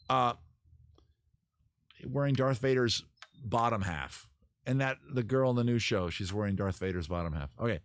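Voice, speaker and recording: A man hosting a casual livestream, talking in a rambling, self-interrupting way, swearing and acting out scenes in quick put-on voices. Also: fairly low pitch, no room sound, clean studio sound. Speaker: livestream host. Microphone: camera mic.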